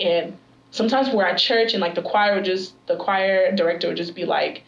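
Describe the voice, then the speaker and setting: A woman's voice: lowish voice, a little fast, gravelly, dull audio. A woman who is a guest in an interview, telling her story in an emotional, casual way with many fillers.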